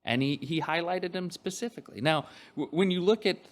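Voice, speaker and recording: A man's voice: a little high, a little fast. A man preaching a sermon, reading scripture aloud and explaining it in a conversational way, with frequent fillers and restarts.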